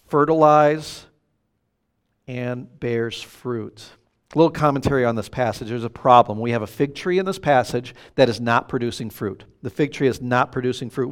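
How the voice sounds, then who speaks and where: Guy preaching, pretty high voice, lively storyteller acting out bits. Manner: animated, storytelling with acted quotes. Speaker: pastor. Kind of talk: sermon with personal story.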